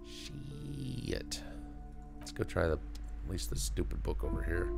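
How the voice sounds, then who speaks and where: A man with a deep, gravelly voice talks his way through a video game, muttering and wry. His pitch dips low but still jumps around a lot, and faint music sits underneath him. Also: big pitch swings, slow pace. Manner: muttering, self-talking, wry. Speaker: gamer streaming a playthrough. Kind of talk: casual let's-play commentary.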